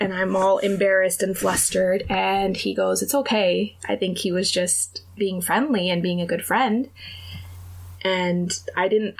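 Young woman with some vocal fry, chatty podcast storyteller doing the voices of people in her story. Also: medium pitch. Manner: animated, acts out quoted dialogue. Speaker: podcast co-host telling a dating story. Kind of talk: casual storytelling chat.

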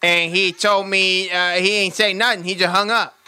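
A man voicing a hot-tempered, profane, streetwise caller on a prank phone call, loud and animated, swinging from rage to sweet talk. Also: sits high, moderate pace, clear, resonant tone, faint music behind. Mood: annoyed.

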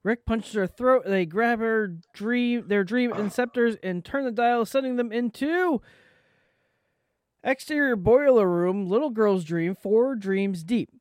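A woman reading stage directions aloud in a casual, halting script read-through. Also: fairly high pitch, darkish tone, no room sound, clean studio sound. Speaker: script reader.

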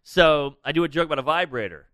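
A man's voice: fairly high pitch, fast talker, no echo. A man, a comedian guest, telling a story in casual, profane podcast talk. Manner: animated, profane.

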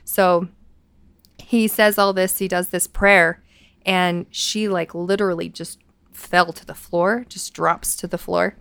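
A woman's voice: lowish voice, slow pace, vocal fry, clean tone, no room sound. A woman, co-host of a paranormal talk show, retelling a story in casual chat and quoting the people in it. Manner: animated, quotes people as she tells the story.

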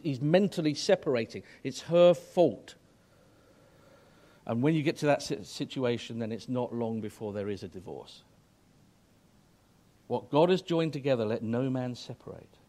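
A man's voice: medium pitch, darkish tone. A middle-aged man preaching a sermon to married couples, earnest and emphatic, rising to fervent exhortation.

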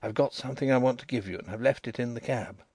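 A man reading a storybook voices an impulsive young man who speaks gruffly and abruptly. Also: medium pitch, quick pace, darkish tone, dry recording, natural voice.

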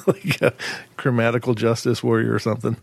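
A man hosts a podcast in a loose, easygoing chat, drifting into jokey tangents with little chuckles and plenty of fillers. His voice sits at an ordinary middle pitch, and the sound is dry and close to the microphone. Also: vocal fry, no echo. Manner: rambling, joking asides with chuckles and fillers. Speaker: podcast host.

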